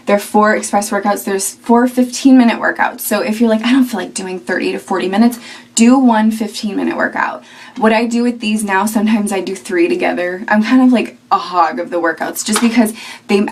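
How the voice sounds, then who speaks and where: A woman's voice: medium pitch, fairly even intonation, a little fast. Chatty young woman vlogging from a distance. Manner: chatty and rambling, with fillers and laughs. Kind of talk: casual chat to camera. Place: at home indoors.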